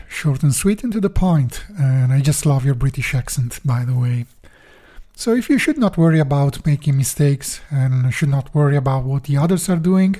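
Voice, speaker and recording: A man hosting a podcast, linking guest answers in a friendly, relaxed way with hesitant fillers. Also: medium pitch. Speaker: podcast host.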